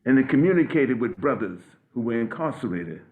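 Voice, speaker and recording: An older man on a video call giving an emotional tribute, halting and restarting often. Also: mid-range voice, very animated. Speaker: guest speaker. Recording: phone-like audio.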